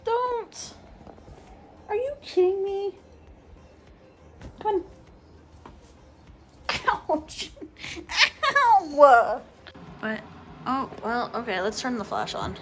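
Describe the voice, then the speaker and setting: A woman's voice: sits high, very slow, pauses often, slight background noise, low-quality recording. A young woman chatting casually on a home vlog, swearing, laughing and ranting about her cat and her neighbors, filmed on a phone. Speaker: vlogger. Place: home, bathroom and office.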